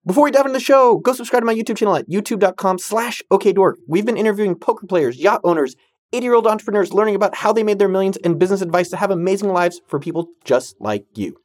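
A man's voice: sits high, animated, fast talker, a little mellow, no echo, clean studio sound. A man hosting a podcast, answering listener questions in a casual, jokey, slangy way. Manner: jokey and slangy, full of banter. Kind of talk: casual, hyped Q&A talk.

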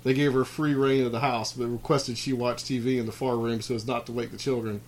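A man's voice: medium pitch, flat delivery, a little fast. A man hosting a podcast, reading out a list of creepy clown stories and then chatting loosely with many fillers. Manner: reads list items, then rambles with fillers and restarts. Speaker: podcast host.

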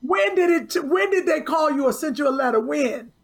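Brief: woman co-host, high and gravelly, playful banter. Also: expressive, moderate pace. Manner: playful, teasing. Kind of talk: casual chat.

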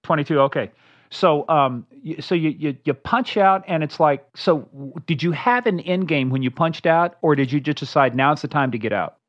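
A man's voice: on the high side, moderate pace. Joking male podcast host, muffled. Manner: joking, teasing banter. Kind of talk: casual podcast chat. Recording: muffled lo-fi audio.

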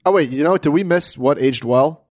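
A man's voice: on the high side, moderate pace, dry recording, studio quality. A man co-hosting a podcast, talking casually and conversationally with a nitpicking streak. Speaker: podcast co-host.

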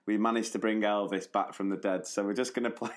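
A man with a lowish voice co-hosting a podcast, speaking in an easygoing, chatty way. He talks plainly and often laughs along. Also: fairly even intonation, quick pace. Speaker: podcast co-host. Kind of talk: casual podcast chat.

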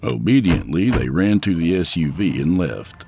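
Low-voiced male audiobook narrator. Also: normal speed, background noise. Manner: expressive storytelling, voicing all characters. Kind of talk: scripted narration.

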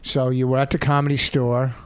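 A man's voice: mid-range voice, little pitch movement, brisk, smooth. A middle-aged man co-hosting a podcast, needling his co-host in blunt, dry banter. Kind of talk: casual banter.

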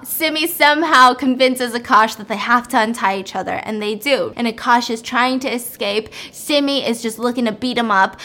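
High-pitched woman, animated plot retelling. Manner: acts out characters' lines with voices, drops to whispers for menacing lines. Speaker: storyteller recapping a film plot. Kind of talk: animated casual plot recap.

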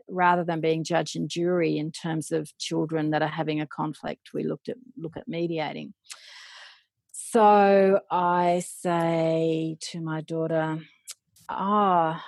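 Low gravelly woman telling parenting stories. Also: no room sound. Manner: animated, acts out remembered dialogue. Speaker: parent educator. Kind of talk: storytelling in a podcast interview.

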